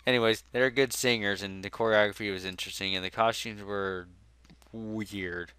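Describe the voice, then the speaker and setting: A man's voice: lowish voice, steady tone, moderate pace, bright, forceful tone, clear, resonant tone, dry recording. A young man hosting a casual comedy podcast, sarcastic and joking as he reads through a list. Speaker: podcast host.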